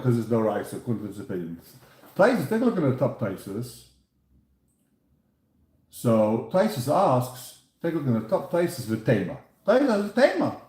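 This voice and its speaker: A man leads a Talmud class with a lively, rising and falling delivery. His voice is mellow, and the sound carries in an echoey room. He mixes Hebrew and Aramaic terms into his English as he works through each question. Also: medium pitch. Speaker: Talmud teacher. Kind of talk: Talmud lecture.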